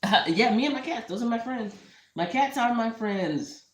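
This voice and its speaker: A woman's voice: fairly high pitch, animated, moderate pace. A woman talking casually to the camera as a vlogger. She is heartfelt and a little emotional, and she keeps drifting into asides. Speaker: entrepreneur vlogger. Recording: roomy echo.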